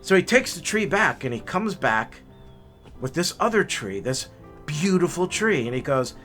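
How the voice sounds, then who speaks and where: A man's voice: a little high, moderate pace, faint music behind. A man telling a heartwarming story in a casual, folksy way as the host of a hiking video. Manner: folksy, repeats words, animated telling.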